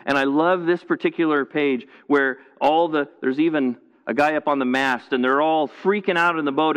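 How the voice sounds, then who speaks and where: Muffled audio captures a mid-range, slightly bright male voice echoing through a big church as he preaches to an at-home audience. His manner is sincere and conversational, full of restarts and repetition.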